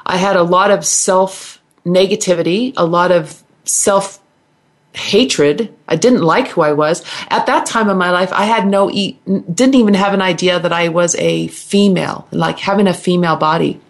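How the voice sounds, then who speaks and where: A middle-aged woman, a guest healer, telling her personal story on a radio interview in an earnest, halting way, with restarts and repeated words. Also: lowish voice.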